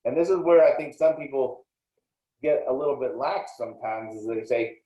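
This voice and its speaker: A man's voice: medium pitch, normal speed. Man, extension lecturer, explanatory and plainspoken; roomy, dull recording. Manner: plainspoken and explanatory, with frequent small restarts.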